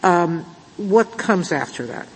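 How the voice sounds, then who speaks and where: A woman's voice: on the low side, animated, slow pace, husky. A woman judge questioning counsel in court, thinking aloud with many hesitant fillers. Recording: reverberant courtroom audio with faint hiss.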